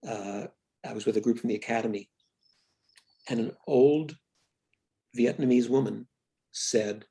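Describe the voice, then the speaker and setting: An older man with a gravelly, husky voice, speaking as an interview guest. He reflects candidly on his film work, stopping and restarting his sentences and letting his voice trail off quietly. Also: medium pitch, unhurried, pauses often. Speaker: film writer and director, guest.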